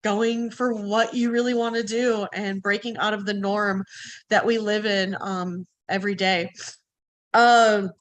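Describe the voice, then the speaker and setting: A woman's voice: mid-range voice, fairly even intonation, unhurried. A woman speaking on an online summit, nervous and laughing, with many ums. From United States. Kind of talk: nervous personal talk.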